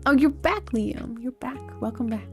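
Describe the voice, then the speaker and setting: A woman hosting a casual livestream, chatting to viewers in a rambling, halting way with many fillers and giggles. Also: fairly high pitch, fairly bright tone. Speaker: livestream host. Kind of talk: casual livestream chat, answering chat. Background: faint background music.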